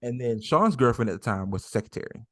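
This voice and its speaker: A man's voice: medium pitch, lively intonation, fast, fairly bright tone, dry recording, clean studio sound. A man co-hosting a podcast, telling a story in casual chat, swearing freely and acting out quotes. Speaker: podcast co-host.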